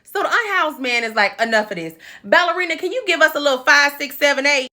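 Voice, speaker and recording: Sassy, animated woman recapping a show. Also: high voice, fast. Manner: animated, sassy, acts out characters' lines. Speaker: podcast host recapping an episode. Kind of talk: comedic episode recap.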